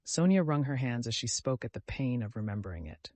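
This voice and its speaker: A man's voice: mid-range voice, expressive, a little mellow, no echo. Male audiobook narrator, dry close sound. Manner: measured, literary storytelling. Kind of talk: scripted narration.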